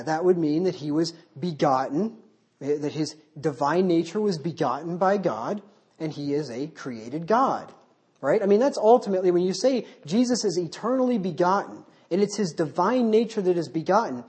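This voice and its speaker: A man's voice: high-pitched, a little mellow, slightly rough. A man preaching a verse-by-verse Baptist sermon without notes, reading scripture aloud and asking his listeners rhetorical questions. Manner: unscripted, poses rhetorical questions.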